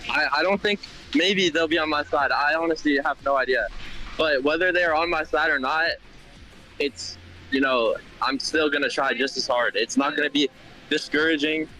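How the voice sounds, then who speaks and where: Rambling bright-voiced young man. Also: a little high, normal speed, soft background music, rough recording. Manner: rambling, hesitant with restarts and swearing. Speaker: stream contestant. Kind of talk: casual stream chat.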